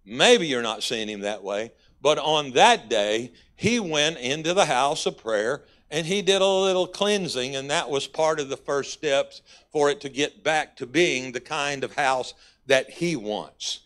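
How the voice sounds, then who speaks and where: A man's voice: mid-range voice, expressive, unhurried, a bit bright. A man with a Texas accent, a guest pastor preaching a folksy, conversational sermon in a church. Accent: Texan. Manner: folksy, conversational preaching with sudden emphatic rises.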